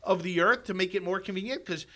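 A man hosting a casual studio chat, jokey and quick to react. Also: high voice, pushed and bright. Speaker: host.

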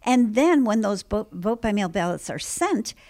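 A woman from Illinois, a guest in a political interview, explaining her points emphatically and punching key words with sudden jumps in pitch. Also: sing-song, moderate pace, darkish tone. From Illinois, United States. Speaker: election integrity activist guest.

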